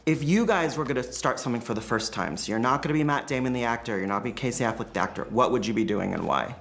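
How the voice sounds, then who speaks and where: A woman interviewer, bubbly and excited, asking questions with eager restarts. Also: rumbling low, quick pace. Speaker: entertainment interviewer. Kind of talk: press junket interview.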